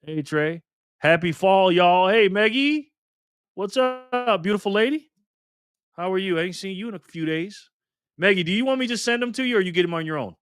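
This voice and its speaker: A man's voice: sits high, lively intonation, moderate pace, fairly bright tone, smooth, no echo. A man hosting a casual live stream, cheerfully greeting viewers by name and chatting as he spins a prize wheel.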